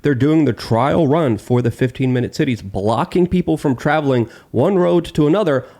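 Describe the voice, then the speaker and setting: A man's voice: medium pitch, normal speed, dark tone. A man speaking as a podcast guest, talking intensely and insistently with stumbling restarts. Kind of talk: heated political talk.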